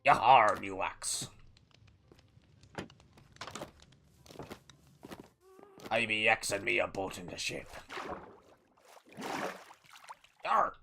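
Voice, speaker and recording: Man putting on a gravelly pirate captain. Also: fairly low pitch, normal speed, a little hiss or hum. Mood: gruff. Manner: growly pirate talk with shouted "yar" calls. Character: gruff male pirate captain, boisterous. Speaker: streamer. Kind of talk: live gameplay stream.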